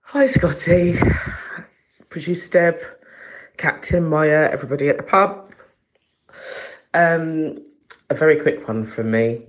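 A bubbly caller leaving a voice message from a bathroom, speaking in a slow, drawn-out way. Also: medium pitch, lo-fi sound.

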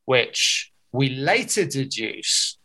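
A man, a comedian telling a long, animated anecdote in casual chat and swearing freely. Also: mid-range voice, extremely slow, creaky, husky. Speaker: comedian guest.

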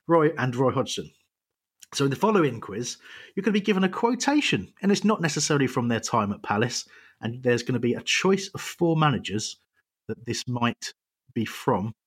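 A British man hosts a relaxed football chat with a slightly husky voice. He talks in loose, rambling sentences full of ums and restarts, and laughs easily as he runs a quiz. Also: medium pitch. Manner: chatty, hesitant with many ums, laughs easily. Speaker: podcast host. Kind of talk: casual football chat, quizmaster.

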